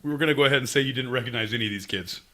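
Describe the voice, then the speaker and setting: A podcast co-host teases his friend in goofy, casual comedy banter, jumping into silly voices. His mid-range voice is bright and pushed, and he talks at a racing pace.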